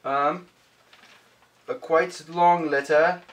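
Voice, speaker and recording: A man casually chatting as he opens fan mail for his vlog, upbeat and often shouting out exclamations. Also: fairly high pitch, fairly even intonation, extremely slow, a little hiss or hum. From United States. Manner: upbeat, punctuates items with loud exclamations. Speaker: vlogger opening fan mail.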